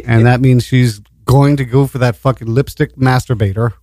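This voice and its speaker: A man's voice: medium pitch, steady tone, normal speed, a little mellow, no room sound, studio quality. A man co-hosting a bawdy, casual chat show, joking and running drinking-game bits. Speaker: podcast co-host.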